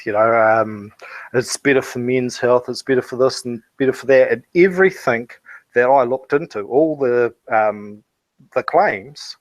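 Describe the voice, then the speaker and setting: A man's voice: medium pitch, dry recording. A man hosting a casual online hangout, talking bluntly with plenty of swearing and laughing between points. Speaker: host of a hangout. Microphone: home computer mic.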